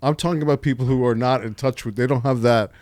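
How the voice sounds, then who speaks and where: An older man talking as a guest on a podcast, dry and musing, with a deadpan manner and frequent restarts. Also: mid-range voice, fast, dry recording. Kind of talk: casual podcast conversation. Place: podcast studio.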